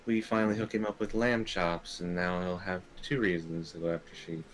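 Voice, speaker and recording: Very deep-voiced man player. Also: fairly even intonation, fairly quick, slight background noise. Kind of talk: tabletop role-play chat.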